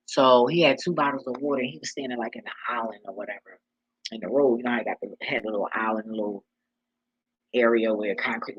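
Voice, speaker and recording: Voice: medium pitch, fairly bright tone, breathy edge, no echo, poor audio. A vlogger giving life advice in a casual monologue, blunt and profane, with a preachy street-talk manner.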